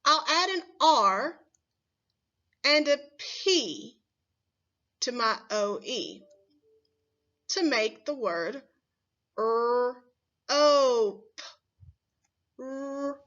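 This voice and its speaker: A woman teaching young children their letter sounds, taking her time over each word and sounding it out with care. Her voice is bright and a little high, and the recording is dull and lo-fi. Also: expressive. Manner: slow, clearly sounded-out words with questions to the class. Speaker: first grade teacher. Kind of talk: phonics lesson for young children.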